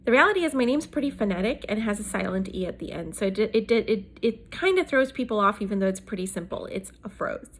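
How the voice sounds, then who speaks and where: Woman, 30s, from South Asia, reflective solo talk, hesitant fillers, mid pitch. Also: lively intonation, fast, hardly any pauses. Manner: thoughtful, many fillers and restarts. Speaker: host. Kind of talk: casual talk on leadership.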